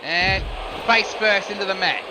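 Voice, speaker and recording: A man's voice: high-pitched, measured pace, noisy background. A man doing solo play-by-play commentary of a video game wrestling match, calling each move steadily and rising sharply on near falls and reversals.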